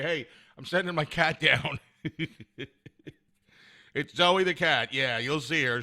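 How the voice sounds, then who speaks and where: A man's voice: mid-range voice, pushed and bright. A man hosting his own podcast from home, telling a story in a rambling, self-mocking way and chuckling often. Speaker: podcast host. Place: at home with a cat. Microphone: camera set up at home.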